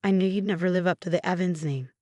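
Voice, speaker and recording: Brief: woman narrator doing a drunk, scornful father, low voice, dry read. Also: fast talker, mellow, dry recording, natural voice. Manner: slurred, dismissive. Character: drunk, cruel middle-aged father.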